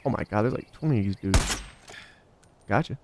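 A man giving casual, slangy gameplay commentary as a let's play host, excitable and bantering with game characters. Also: lowish voice, moderate pace, noisy background.

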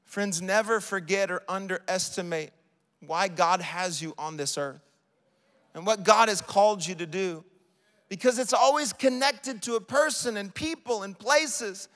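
A man preaching a sermon live in a church, rising to shouts and falling to soft, quiet stretches. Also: high-pitched, unhurried. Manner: impassioned preaching, builds to shouts then drops soft. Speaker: pastor. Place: large church sanctuary. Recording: live church hall reverb.

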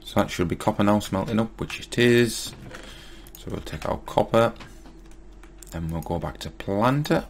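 A man's voice: fairly low pitch, moderate pace, slight background noise. A man giving casual Let's Play commentary, muttering to himself and getting mildly exasperated as he crafts. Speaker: gaming YouTuber.

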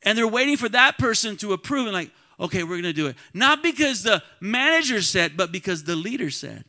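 A man preaching a sermon to his church congregation, calling out to the crowd and swinging between quiet talk and loud shouts. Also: high voice, expressive, brisk. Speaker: pastor. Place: church sanctuary.

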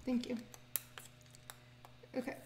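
A woman's voice: takes it slowly, background noise. A woman streaming herself cooking, chatting casually and giggling as she talks through each step. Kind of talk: casual chat while cooking. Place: home kitchen. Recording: echoey room, faint background music.

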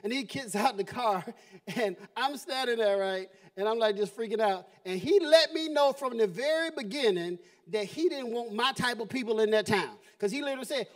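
A man's voice: very high-pitched, lively intonation, brisk. A man doing a stand-up set, storytelling with animation and laughing at his own jokes on a live comedy stage. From Southern US.

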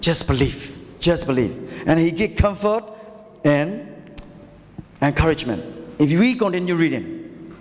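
A man's voice: on the high side, sing-song, unhurried, pauses often, darkish tone. A man with a Burmese accent, a pastor preaching an impassioned sermon full of rhetorical questions and calls to the congregation. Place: church hall. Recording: reverberant church hall.

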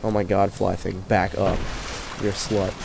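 A man's voice: low voice, level tone, normal speed, creaky, background noise. A man commentating a video game while sick, keeping his voice down and trash-talking the enemies in exasperation. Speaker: let's play commentator. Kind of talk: gameplay commentary.

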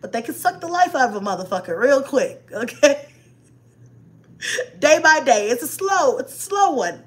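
A woman chatting casually with live viewers about raising kids, animated and slangy, cursing and laughing often. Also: mid-range voice.

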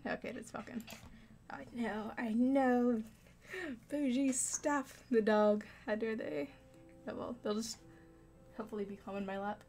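A woman's voice: fairly high pitch, fairly even intonation, measured pace, vocal fry, pauses often, a little mellow, faint music behind. Chatty young woman streaming a game. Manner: chatty and giggly, reacting aloud. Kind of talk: casual gameplay commentary.

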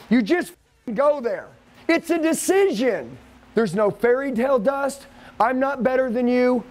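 A man's voice: very high-pitched, darkish tone. A man leading a live sales training seminar, lecturing with profane, aggressive hype. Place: training room with an audience.

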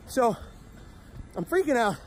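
A man speaker telling a comedic personal story in a punchy, animated way with profane asides. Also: very high-pitched, measured pace, slight background noise. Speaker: motivational speaker.

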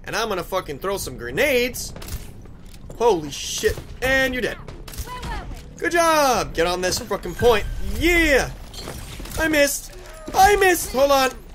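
A man's voice: very high-pitched, big pitch swings, unhurried, a little hiss or hum. A man giving frantic, profane commentary while playing a team shooter game. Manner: frantic, swearing, yelling at teammates. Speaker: gaming YouTuber. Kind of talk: live gameplay commentary.

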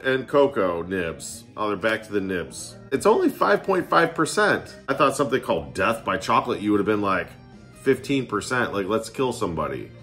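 Chatty buzzed guy doing a beer tasting vlog at home, bouncy pitch, some soft music in back. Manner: chatty, joking, getting tipsy and slurring. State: tipsy. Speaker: beer vlogger. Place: home living room.

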